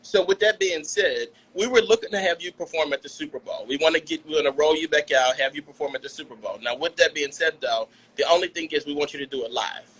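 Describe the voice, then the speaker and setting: A man's voice: on the high side, quick pace, a bit bright, a little hiss or hum, natural voice, poor audio. A man playing a blunt, condescending music mogul who talks down to a pop star. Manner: condescending, cuts to the point.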